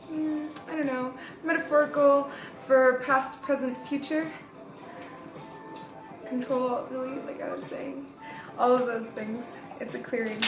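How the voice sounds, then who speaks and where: A chatty young woman with a fairly high voice talks her way through a tarot reading, rambling and light. The room is echoey, and music plays clearly behind her. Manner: chatty and rambling, laughs at herself. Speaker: tarot reader. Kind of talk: casual spoken tarot reading.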